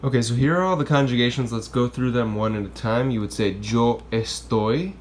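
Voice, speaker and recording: A man with a mid-range voice explains grammar like a relaxed classroom teacher. He talks in a loose, conversational way and keeps checking in with "okay?" and "right?". A faint hiss of noise sits under the recording. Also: medium pitch, fast talker. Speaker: Spanish teacher.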